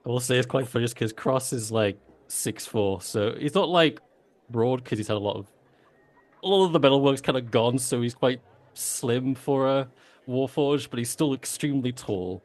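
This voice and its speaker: A man's voice: mid-range voice, moderate pace. A man describing his character as a player in a tabletop game, rambling and hedging with "sort of" and "like".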